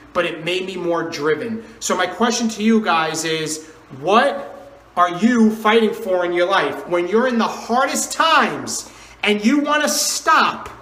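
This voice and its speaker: A man in his thirties talks to camera as a fitness coach, earnest and emphatic, driving his questions home again and again. His voice sits high and bright with a forceful edge. The room around him rings with echo. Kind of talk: motivational vlog talk.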